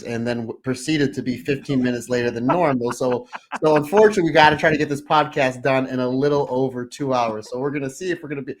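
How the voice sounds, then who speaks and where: A man's voice: mid-range voice, fast, few pauses. A male podcast co-host with an ordinary mid-range voice. He talks through a remote podcast mic in easygoing chat, telling stories with plenty of animation and laughter. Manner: animated anecdotal storytelling with laughs.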